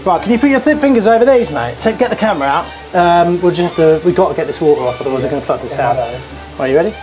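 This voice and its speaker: A man's voice: on the high side, lively intonation, fast. A man, a plumber giving a casual on-the-job tutorial indoors with joking asides. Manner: chatty, joking asides to camera. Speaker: plumber presenting a how-to. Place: customer's bathroom, indoors. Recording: music playing under the voice.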